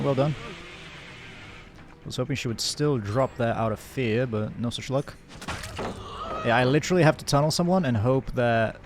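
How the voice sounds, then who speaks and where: Chatty male streamer, put-on British accent. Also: mid-range voice. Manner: chatty, laughing, swears when upset. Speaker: game streamer. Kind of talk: casual gameplay commentary.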